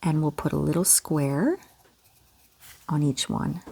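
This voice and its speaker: A gentle, encouraging woman from Canada, talking kids through a step-by-step drawing lesson in a soft voice. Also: low-pitched, slow pace, creaky, husky. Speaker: children's art teacher.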